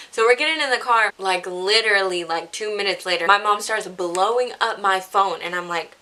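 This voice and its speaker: A woman's voice: mid-range voice, quick pace, hardly any pauses, sharp tone. A young woman telling a story to her camera in a casual, chatty way, filling it with "like" and laughing. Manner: chatty, says "like" constantly, laughs while telling. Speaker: vlogger.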